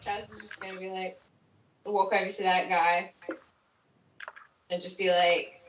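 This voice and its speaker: A woman playing in a tabletop game, relaxed and describing what her character does. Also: lowish voice, unhurried. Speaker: player. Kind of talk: casual tabletop play. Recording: roomy, distant lo-fi mic with faint noise.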